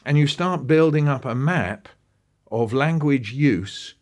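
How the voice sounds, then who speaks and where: A man being interviewed about education, talking in a relaxed, conversational way. He tells lively anecdotes, thinks aloud with restarts and asides, and briefly acts out the voices of the people he quotes. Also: mid-range voice, takes it slowly. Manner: animated storytelling, acting out quoted voices. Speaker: guest speaking on education.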